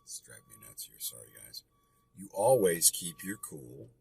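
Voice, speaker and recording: A man's voice: low-pitched, big pitch swings, normal speed, creaky, darkish tone, slightly rough, dry recording. A man teaching a real estate investing lesson, direct and emphatic, repeating his key points. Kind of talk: coaching lesson.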